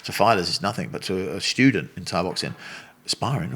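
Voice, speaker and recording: A man's voice: low-pitched, animated, fast, vocal fry, fairly bright tone. A man in his sixties with an Australian accent, a Muay Thai coach telling blunt, rambling stories as an interview guest. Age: 60s. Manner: rambling, blunt storyteller who swears and laughs. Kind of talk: casual interview storytelling.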